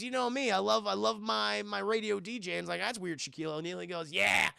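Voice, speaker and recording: A man's voice: high-pitched, a little fast, vocal fry, clean tone, dry recording, studio quality. A man streaming a casual film recap to his chat, cursing freely and acting out the characters' lines. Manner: animated, profane, acts out quotes, addresses chat.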